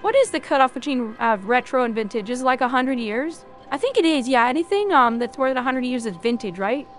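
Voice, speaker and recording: A woman's voice: sits high, expressive, a little fast, faint music behind. A woman streamer chatting casually and rambling jokingly to viewers while she plays a game. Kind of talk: casual gameplay chat.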